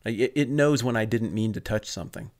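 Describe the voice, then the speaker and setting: A man's voice: fairly low pitch, quick pace, darkish tone. A man co-hosting a podcast, chatting casually with a dry, teasing humor. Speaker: podcast co-host. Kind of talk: casual chat.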